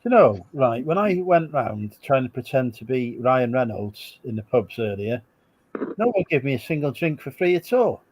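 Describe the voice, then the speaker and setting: A man in a casual chat, cracking deadpan jokes. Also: medium pitch, moderate pace, breathy edge, no room sound. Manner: jokey, deadpan teasing.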